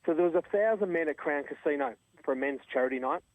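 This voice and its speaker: A man's voice: fairly high pitch, fast talker, no room sound. An Australian man, a charity co-founder, telling an earnest, emphatic story in an interview. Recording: tinny phone line.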